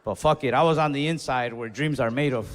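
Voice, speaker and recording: A young stand-up comedian with a medium-pitched voice talks a little fast on a comedy club stage. He tells a long story in a laid-back, profane way, and the recording carries long reverb and faint noise from the club.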